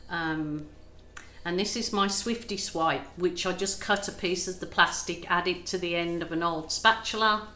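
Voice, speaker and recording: A woman's voice: on the low side, normal speed, sharp tone. A middle-aged woman, the channel's host, chatting casually and self-deprecatingly as she explains an acrylic paint pour at home. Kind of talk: casual how-to chat while painting. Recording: echoey room, faint ambient noise.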